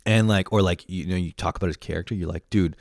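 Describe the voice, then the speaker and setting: Casual podcast guy in his late twenties, kinda low voice, cussing and rambling and poking fun at himself. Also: fairly even intonation, fast talker, dry recording, studio quality. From Canada. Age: late 20s. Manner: profane, rambling, self-mocking. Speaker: podcast host. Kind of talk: casual monologue.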